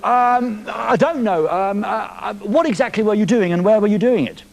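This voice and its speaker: A man's voice: high-pitched, moderate pace, gravelly. A man hosting a live TV show from a studio, teasing a caller in a cheeky way. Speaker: TV presenter. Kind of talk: live TV banter.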